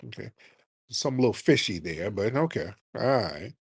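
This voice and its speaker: A man's voice: lowish voice, expressive, normal speed, vocal fry, breathy edge, no room sound. A male host runs a call-in talk show with a brash, blunt manner, teasing and grilling his callers. The sound is dry and close, with no room around it.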